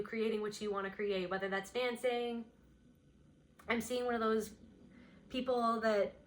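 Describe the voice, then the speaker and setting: Higher-voiced woman giving an intuitive card reading. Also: a bit bright. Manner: meandering and intuitive, voicing impressions as they come. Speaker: tarot card reader. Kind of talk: unscripted pick-a-card reading.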